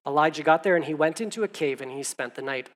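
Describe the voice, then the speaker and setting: A man preaching a sermon in a conversational way, growing animated as he reads scripture aloud. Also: on the high side, fast talker. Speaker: pastor.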